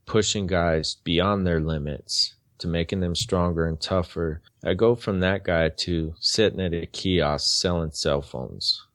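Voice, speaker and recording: In a podcast interview, a man in his forties earnestly recounts his own story, his phrasing halting and full of restarts. His voice is very low, and the recording is close and dry with no room sound around it.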